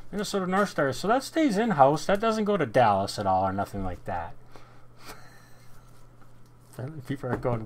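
A man hosting a live card break, reading off card names in short bursts with sudden loud, excited shouts. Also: medium pitch, normal speed, long pauses, slight background noise.

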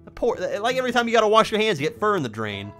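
A young man casually commenting on a game as he plays it, in a rambling, playful way with lots of quick reactions. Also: high voice, wildly swooping pitch, pushed and bright, soft background music. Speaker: let's play host. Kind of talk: casual let's play commentary.

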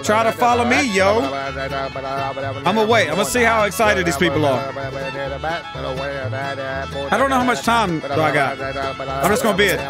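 A man's voice: sits high, expressive, moderate pace, loud music behind the voice. A young adult American man giving profane, joking commentary as he plays a video game and reads game text aloud. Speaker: gaming YouTuber.

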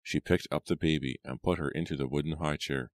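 एक आदमी, बहुत गहरी आवाज़ में ऑडियोबुक सुनाता हुआ, सूखी, बिना गूँज की रिकॉर्डिंग।. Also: male voice, a bass voice, no echo. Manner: steady, measured storytelling. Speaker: audiobook narrator. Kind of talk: scripted narration.

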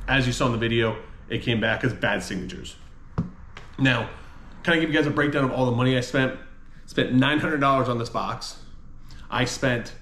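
A man talking casually to his camera in a frustrated, exasperated tone, with mild swearing along the way. His voice sits at an average pitch. The room is roomy and echoey, with a faint hum of ambience behind him. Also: a bit bright. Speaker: comic collector and vlogger. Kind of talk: casual unboxing vlog.

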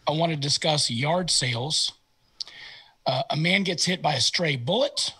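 A man's voice: a little high, unhurried, sharp tone, breathy edge. A man hosting a podcast, talking in a laid-back, chatty way and laughing often. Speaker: podcast host. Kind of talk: casual chat. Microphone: remote call.

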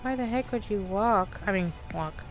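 A Southern woman in her thirties from Texas streams a game, narrating live in a medium-pitched voice at a normal speed. Chatty and full of exclamations, she talks to herself while figuring out where to go, with faint music behind her.

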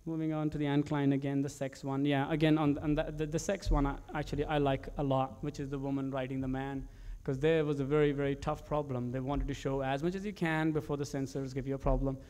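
A male commercial director telling stories about his work in an animated way, with frequent restarts and fillers. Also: mid-range voice, fast, few pauses, clean tone.

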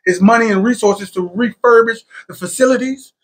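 A man hosting a casual podcast discussion, talking in an animated, enthusiastic way with many fillers. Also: very high-pitched, a little fast, slightly rough. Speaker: podcast host.

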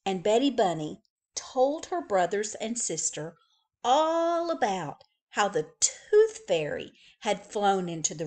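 A woman librarian reading a picture book aloud to young children, slow and expressive. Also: fairly high pitch.

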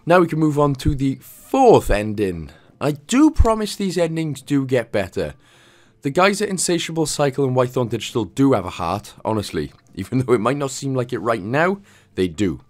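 Chatty jokey man with a lively voice. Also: mid-range voice, moderate pace. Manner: chatty, jokey, drifts into playful asides. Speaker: game walkthrough host. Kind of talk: casual gameplay commentary.

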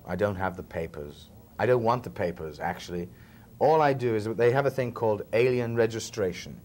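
In a relaxed interview, this Liverpudlian film actor chats through his stories with frequent chuckles. His fairly low voice is a little mellow and a little fast, with slight background noise behind it.

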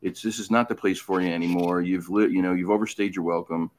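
A man hosting a podcast in casual chat, talking frankly and emphatically and often pausing with fillers. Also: sits low, fairly even intonation. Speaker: podcast host.

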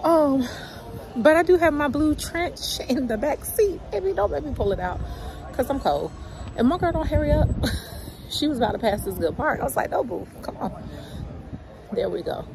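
Lively chatty woman vlogging on a phone. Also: high-pitched, normal speed. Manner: chatty, animated, laughs often, talks to viewers as "y'all". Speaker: beauty vlogger. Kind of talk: casual vlog chat. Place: in a car, then outdoors at night in the cold.

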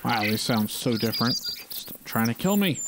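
A man's voice: mid-range voice, expressive, normal speed, very noisy. A man giving casual gameplay commentary, talking and pleading with the animals on screen. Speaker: gaming channel host.

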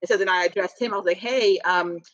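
Woman podcast co-host, bright and forceful, blunt animated storyteller, dry muffled sound. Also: lowish voice, fast talker, no room sound. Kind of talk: casual chat.

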